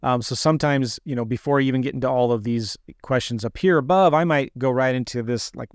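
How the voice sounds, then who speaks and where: A man's voice: medium pitch, brisk, few pauses, clear, resonant tone, no room sound, studio quality. A man teaching land investors a phone script for sellers, often acting out both his own lines and the seller's replies. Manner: acts out both sides of phone calls. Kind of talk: teaching a sales call script.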